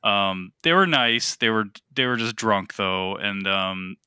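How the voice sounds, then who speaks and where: Animated, bright-voiced man telling a story. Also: lowish voice, measured pace, smooth, no echo, clean studio sound. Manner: animated storyteller, swears casually, laughs at himself. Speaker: podcast panelist. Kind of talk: casual storytelling chat.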